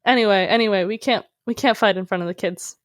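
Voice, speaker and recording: A woman's voice: medium pitch, fast, no echo, studio quality. A woman from Minnesota co-hosting a casual podcast, asking sarcastic questions and joking. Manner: sarcastic, teasing jokes. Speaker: podcast co-host.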